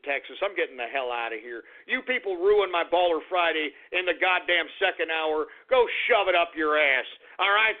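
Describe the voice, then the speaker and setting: A man hosting an internet radio show, ranting abrasively and boastfully, cursing and insulting his listeners, sliding from low grumbling to shouting. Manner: boastful, profane, repeats pet phrases. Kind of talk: ranting call-in radio monologue. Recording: narrow phone-like audio.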